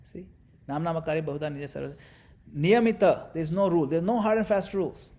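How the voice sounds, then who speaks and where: High-voiced man teaching a devotional class. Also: quick pace. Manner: animated, demonstrative, playful asides. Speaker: spiritual teacher.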